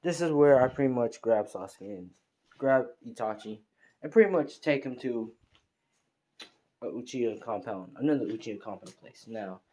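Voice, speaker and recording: A man's voice: medium pitch, expressive, moderate pace, mellow. A man casually narrating an improvised fan story, rambling with heavy fillers and restarts.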